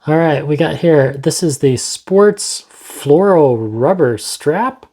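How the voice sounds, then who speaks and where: An unhurried man talks through a gadget unboxing in his home studio, dropping joking asides and thinking out loud. His voice is mellow and warm, and he takes his time with each thought. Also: a little high. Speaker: tech reviewer. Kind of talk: casual unboxing vlog.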